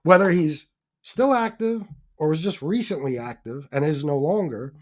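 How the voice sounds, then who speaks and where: A man's voice: a little high, animated, normal speed. A man hosting a casual live stream, talking off the cuff with heavy swearing, many fillers and restarts, and reading viewer donations aloud. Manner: profane, rambling, lots of fillers and restarts; turns heated and emphatic when ranting.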